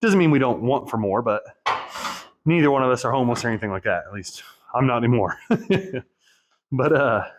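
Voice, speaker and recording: A man's voice: mid-range voice, lively intonation, a little fast, long pauses, a little hiss or hum. A man hosting a channel for divorced men, talking through a personal story in a rambling, candid monologue laced with swearing. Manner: rambling, profane, self-reflective. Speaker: divorce coach and channel host.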